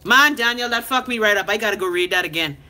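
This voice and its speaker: Fast and mid-range, the voice belongs to a Bahamian woman in her thirties hosting a live stream. Reading comments as they come in, she launches into a blunt, profane, animated rant and talks straight back to her viewers.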